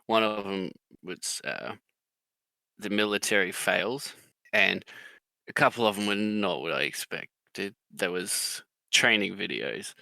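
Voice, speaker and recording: Guy chatting, swears a ton, bright voice, dry close sound. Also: takes it slowly, vocal fry, dry recording. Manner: swears a lot, acts out quotes in a loud high drill-sergeant voice. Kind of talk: casual chat.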